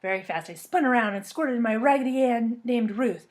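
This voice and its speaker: Lady reading a storybook to kids, kinda high voice, very expressive. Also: normal speed. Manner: lively, expressive read-aloud delivery. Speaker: reader of a children's book. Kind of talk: reading a storybook aloud to children.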